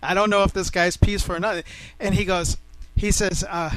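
A middle-aged man with a high voice tells a personal story to listeners. He is animated and emphatic, and he often doubles back and repeats words. The sound is close and dry. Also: a little fast, no echo, poor audio. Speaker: speaker telling a personal story.

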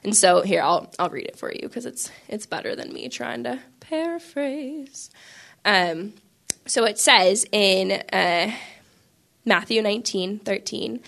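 Bright chatty young woman storyteller. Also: mid-range voice, expressive, a little slow, creaky. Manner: chatty, lots of "like" fillers, laughs often. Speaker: Catholic speaker sharing a faith story. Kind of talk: casual storytelling and reflection.

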